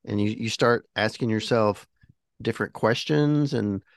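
A man's voice: lowish voice, measured pace, dry recording, clean studio sound. A male podcast host who chips in briefly and keeps a guest's story moving. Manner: brief encouraging interjections. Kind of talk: casual interview.

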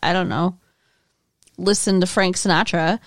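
A woman co-hosting a podcast in casual chat about a TV show, expressive, opinionated and quick to tease. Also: fairly low pitch, no echo, clean studio sound. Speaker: podcast co-host.

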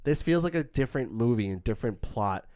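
A man casually reviewing a film as a podcast co-host, animated and acting out quoted lines. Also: mid-range voice, brisk, dry recording, clean studio sound.

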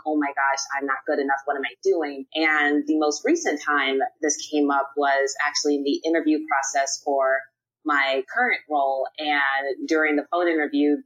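Podcast guest, young woman, low husky voice, upbeat and casual. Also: a bit bright, dull audio. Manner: upbeat, candid, casual slang. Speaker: podcast guest, nonprofit PR professional. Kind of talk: podcast interview.

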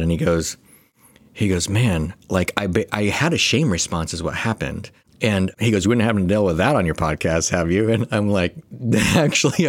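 A man's voice: sits low, no echo, studio quality. A man in his thirties, a therapist co-hosting a podcast, chatting casually and joking, often acting out what others said. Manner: jokey, laughing, quotes others in voices. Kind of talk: casual chat.

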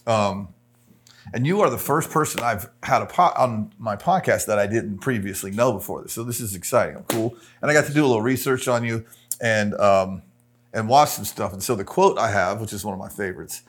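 A man's voice: lowish voice, fairly quick, slight background noise. A man hosting a podcast, easygoing and joking, with hesitant fillers. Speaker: podcast host. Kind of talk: casual podcast conversation.

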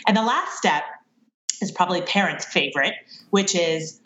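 A woman's voice: fairly low pitch, moderate pace, a bit bright, dull audio, a little hiss or hum. Woman explaining parenting strategies, roomy sound. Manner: earnest, self-deprecating, laughs at herself. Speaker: parenting expert guest.

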